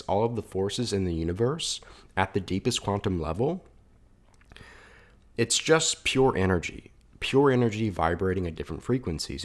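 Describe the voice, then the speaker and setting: A man speaking as a spiritual coach in a reflective monologue, earnest and thoughtful, often restarting his phrases, at a desk microphone indoors. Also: low-pitched.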